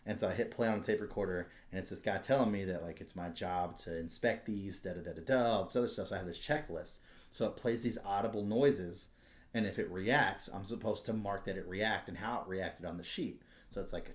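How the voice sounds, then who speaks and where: A man hosting a podcast, telling a story in casual, profane, animated chat, with a noticeable echo around him. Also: low voice, fairly quick. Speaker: podcast host. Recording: roomy echo.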